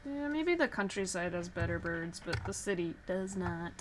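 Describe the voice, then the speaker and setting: A woman streaming casually while drawing, chatting and laughing often, getting animated when she tells a story. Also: lowish voice, moderate pace, noisy background.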